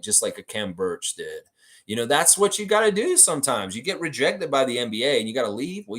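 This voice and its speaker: A man hosting a casual basketball livestream, talking at length with enthusiasm and reading viewer comments aloud. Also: mid-range voice. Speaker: sports livestream host.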